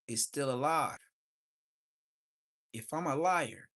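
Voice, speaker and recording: A man hosting a livestream, telling street stories casually and acting out the voices of people in them. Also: mid-range voice. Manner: animated street storytelling, acts out quoted voices. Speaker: livestream host. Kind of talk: casual storytelling.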